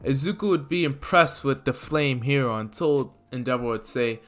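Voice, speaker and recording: A man's voice: medium pitch, normal speed, few pauses, fairly bright tone. A man casually narrating a fan-made story, rambling with fillers and correcting himself as he goes.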